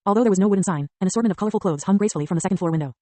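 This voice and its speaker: A woman narrating an audiobook in a brisk, even reading style. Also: medium pitch, dry recording. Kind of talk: scripted narration.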